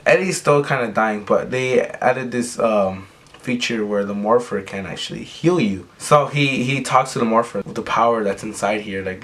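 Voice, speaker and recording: A man's voice: medium pitch, moderate pace, fairly bright tone. A young man giving a casual recap, rambling and full of fillers. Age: young adult. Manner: rambling, filler-heavy retelling. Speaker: recap vlogger.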